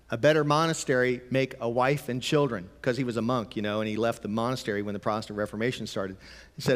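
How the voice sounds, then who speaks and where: A male pastor delivers a conversational sermon at a middle pitch. His voice rings with a long reverb, as in a big church hall. He presses points with emphasis, then drops to a quiet, low tone. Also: steady tone, fast talker.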